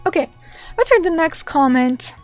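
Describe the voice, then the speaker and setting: High-voiced playful woman streamer. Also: animated, normal speed, soft background music. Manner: playful, teasing, mock-indignant. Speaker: VTuber streamer. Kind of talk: casual chat reading viewer comments.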